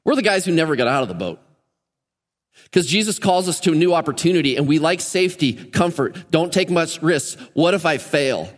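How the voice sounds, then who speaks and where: A pastor preaching a sermon to his congregation, animated, often acting out the voices of people in the scripture. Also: on the high side, brisk. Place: church sanctuary. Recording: long church hall reverb.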